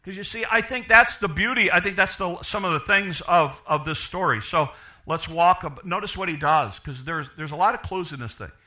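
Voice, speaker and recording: High, bright-voiced animated male preacher. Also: normal speed. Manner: animated preaching, voices quoted characters, repeats and restarts. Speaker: pastor. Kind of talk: sermon.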